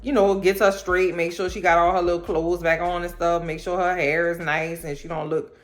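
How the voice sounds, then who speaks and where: A woman's voice: fairly low pitch, little pitch movement, moderate pace, soft background music. A woman, chatting casually and animatedly as she recaps a TV show and acts out the characters' lines in slangy storytelling. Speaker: recap vlogger.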